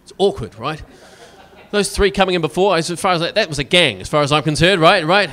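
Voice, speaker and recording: A Scottish man performing stand-up comedy, sarcastic and animated, often tagging his lines with "right?". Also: fairly high pitch, fairly quick. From Scotland.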